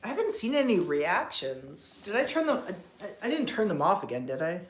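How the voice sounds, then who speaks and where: A woman's voice: fairly low pitch, big pitch swings, a little fast, a little hiss or hum. A woman hosting a casual livestream with her cats, chatting to viewers, laughing often and cooing at the cats in baby talk. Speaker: livestream host with pet cats.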